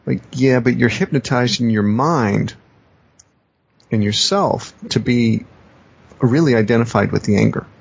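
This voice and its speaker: A man who coaches and teaches explains ideas in a reflective podcast conversation, often repeating and rephrasing himself and acting out quoted phrases. His medium-pitched voice is husky and creaky, unhurried, with long pauses. The podcast audio is dull and lo-fi.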